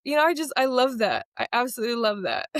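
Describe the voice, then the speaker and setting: Young woman guest chatting about her cars, bit high voice, dry close sound, acts out the voices. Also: fast talker, no echo. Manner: animated, acts out quotes with laughs. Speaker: interview guest. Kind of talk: casual interview storytelling.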